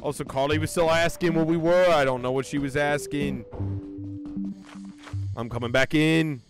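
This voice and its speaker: A man playing a video game with friends in a loud put-on Australian accent, swearing and reacting excitedly. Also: a little high, normal speed, over music. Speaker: gamer streaming with friends. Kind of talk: casual game chat.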